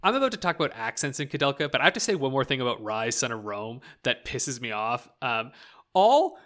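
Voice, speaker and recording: Brisk and sing-song, a young co-host from rural Canada speaks in a fairly bright mid-range voice. He rambles casually about video games on a podcast, laughing often and saying "like" constantly.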